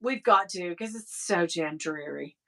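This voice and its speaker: Chatty Southern woman, bright voice. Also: on the low side, a little slow, gravelly. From American South. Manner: chatty, rambling, laughs often, swears casually. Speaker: livestream host reading chat. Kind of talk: casual chat.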